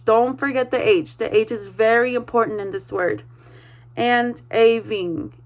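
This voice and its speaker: Slow, encouraging woman teacher. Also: a little high. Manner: slow, spells words letter by letter; encouraging, checks in with "okay?". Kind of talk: read-aloud vocabulary lesson.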